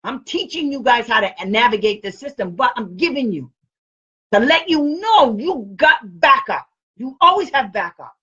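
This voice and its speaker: A woman's voice: fairly high pitch, animated, moderate pace, a bit bright, husky, muffled recording. A woman special education advocate talking casually to camera, blunt and outspoken, often laughing as she speaks.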